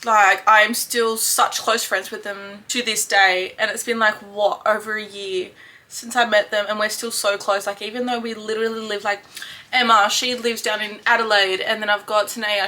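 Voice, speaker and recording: A woman's voice: medium pitch, flat delivery, moderate pace, bright, forceful tone. A woman in her twenties with an Australian accent, chatting casually and upbeat in a vlog, full of slang and fillers. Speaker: fitness vlogger.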